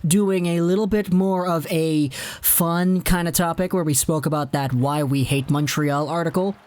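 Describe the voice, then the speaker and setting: A man's voice: on the high side, darkish tone. A man hosting a hockey news channel, giving casual, enthusiastic commentary with chatty, sometimes sarcastic asides.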